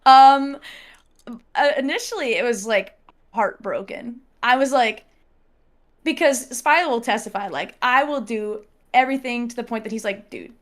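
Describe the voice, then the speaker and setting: A woman telling a personal story in casual podcast chat, animated, laughing often and acting out what people said. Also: a little high, moderate pace.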